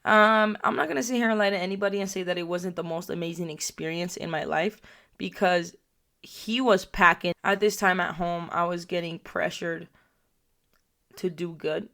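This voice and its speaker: A young woman telling crude comedic stories on her vlog, brash and profane, with sudden loud bursts and mocking quoted voices. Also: lowish voice, moderate pace, vocal fry. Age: young adult. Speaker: vlogger.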